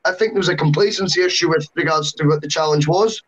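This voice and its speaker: Man, high voice, dull lo-fi audio, podcast panel talk. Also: quick pace. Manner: long animated opinions, self-mocking asides. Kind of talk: casual football podcast chat. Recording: dull lo-fi sound.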